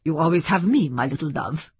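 A woman reading a gruff, blunt man. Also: deep voice, lively intonation, brisk, darkish tone, no echo, exaggerated voice. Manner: blunt, barking. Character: gruff thick-set older male linguist.

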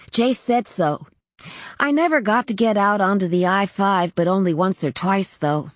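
A woman's voice: mid-range voice, no echo, clean studio sound. A woman voicing a small-town teenage girl who dreams of trucking, telling her story in a plainspoken, matter-of-fact, chatty way. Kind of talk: audiobook character narration.

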